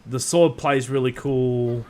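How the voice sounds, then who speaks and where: A man's voice: medium pitch, fairly even intonation, slow, a little mellow. A man hosting a casual livestream chat, rambling with many ums and restarts and swearing freely. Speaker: host.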